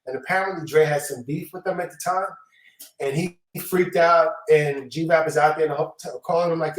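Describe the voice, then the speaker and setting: A man's voice: fairly high pitch, fairly quick, recorded from a distance. A middle-aged man, telling stories casually in slangy talk and acting out the quotes. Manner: slangy, animated, acts out quotes. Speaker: hip-hop producer guest. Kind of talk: casual storytelling interview. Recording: roomy, off-mic echo.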